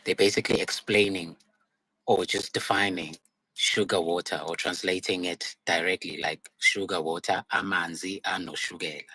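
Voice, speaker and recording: A man tutoring isiZulu on a casual live stream, patiently repeating words slowly and laughing easily. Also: low-pitched, steady tone, bright, forceful tone, slightly rough, low-quality recording. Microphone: phone.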